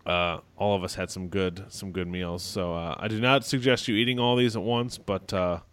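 A man's voice: low voice, fairly even intonation, normal speed, fairly bright tone, clean tone. A man co-hosting a casual wrestling podcast, rambling with lots of fillers and restarts. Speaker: podcast co-host.

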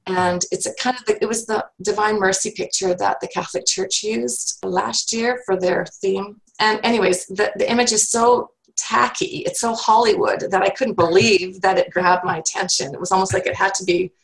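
A woman's voice: mid-range voice, fairly even intonation, normal speed, creaky, few pauses, low-quality recording. A woman guest telling a personal faith story in an earnest, reflective way, often restarting her sentences.

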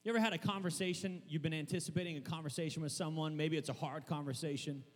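A young man preaching a sermon in a church, rambling and excitable, stumbling over restarts and breaking into shouts. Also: a little high, quick pace, long reverb tail. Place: church hall.

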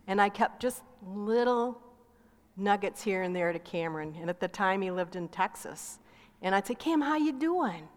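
A woman's voice: medium pitch, clear, resonant tone. A middle-aged woman co-pastor sharing a testimony in a sermon, telling stories and acting out quoted talk. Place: church sanctuary. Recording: long reverb of a large hall.

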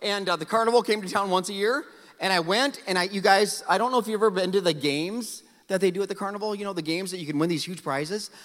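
A middle-aged man from South Dakota preaching a storytelling sermon, animated and self-mocking, acting out his own past lines. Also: sits high, quick pace. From South Dakota, USA. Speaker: pastor. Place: large church auditorium. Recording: hall reverb.

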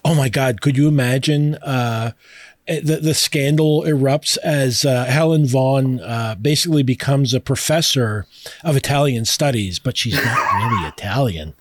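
A man's voice: mid-range voice, normal speed, noisy background. A man hosting a podcast in a casual, chatty way, reading passages aloud and laughing easily with plenty of fillers and restarts. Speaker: podcast host.

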